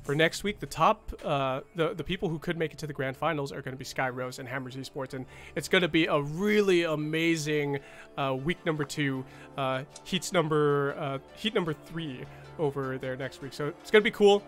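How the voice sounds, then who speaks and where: A man's voice: a little high, moderate pace, fairly bright tone, soft background music. A man casting an esports tournament, enthusiastic and rambling, often cutting in to add a point. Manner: enthusiastic, rambling, self-interrupting. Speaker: esports caster.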